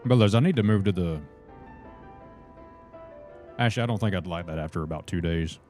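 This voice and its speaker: Man, very low voice, easygoing streamer chatter, faint music underneath. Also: fairly quick. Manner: relaxed, chatty, reads chat and greets viewers as brothers. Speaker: livestreamer. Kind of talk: casual gameplay livestream chat.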